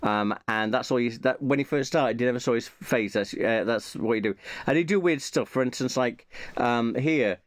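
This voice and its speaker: A man's voice: medium pitch, normal speed, dry recording, studio quality. A man chatting casually and rambling, with many fillers and restarts. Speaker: channel host.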